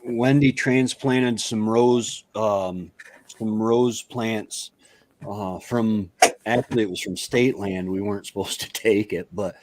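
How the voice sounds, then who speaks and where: A man chatting casually as a co-host, a relaxed storyteller who laughs at his own stories. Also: lowish voice, slow, slight background noise. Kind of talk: casual chat.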